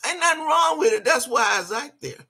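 A woman's voice: high-pitched, lively intonation, moderate pace, vocal fry, sharp tone, slightly rough. A woman hosting a live stream, answering her chat and scolding a critic in a profane, mocking rant. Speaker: livestream host.

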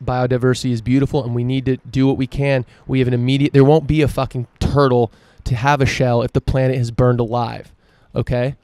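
A man's voice: mid-range voice, level tone, fairly quick, hardly any pauses, a little mellow, dry recording. A man hosting a solo opinion podcast, ranting emphatically and swearing freely. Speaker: podcast host.

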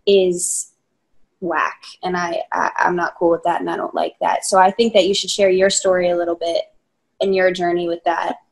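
Direct woman with a lowish voice. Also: level tone, normal speed. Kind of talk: casual panel discussion.

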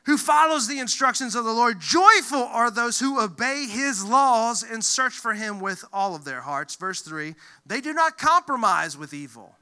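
A male pastor giving a lively, joking sermon, acting out the voices he quotes. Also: extremely high pitch, unhurried, few pauses, clear, resonant tone. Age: adult who grew up in church, looks back on age twelve. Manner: animated, jokey, acts out quoted voices.

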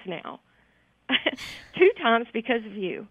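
Calling in to a radio show by telephone, a woman with a mid-range voice speaks at normal speed, giving a heartfelt, grateful testimonial in an emotional voice. The recording is dry, over a tinny phone line.

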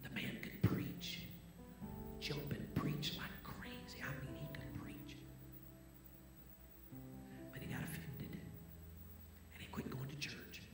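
A man preaching a sermon in a church, swinging between loud preaching and hushed, near-whispered storytelling. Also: mid-range voice, steady tone, slow, pauses often. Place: church sanctuary. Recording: roomy church echo with music.

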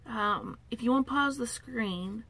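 A woman with a somewhat high, gravelly voice chats casually to her camera. She is still recovering from illness. She sounds emotional and close to tears, and her thanks are soft. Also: a little slow. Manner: emotional, tearful, softly thankful. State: unwell, recovering. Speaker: vlogger opening viewer packages.

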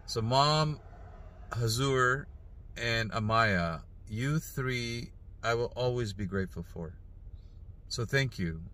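A middle-aged father speaking earnestly in a heartfelt personal video message, halting and emotional at times. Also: mid-range voice, expressive, bright, forceful tone. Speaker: father posting an apology video.

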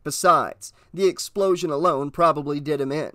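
Steady man reading an audiobook. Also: a little high, moderate pace, dry recording, studio quality. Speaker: audiobook narrator. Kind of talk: audiobook narration.

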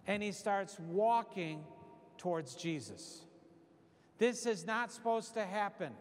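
Animated middle-aged man preaching in echoey church. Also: high-pitched. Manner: animated, humorous storytelling. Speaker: retreat preacher. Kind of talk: sermon.

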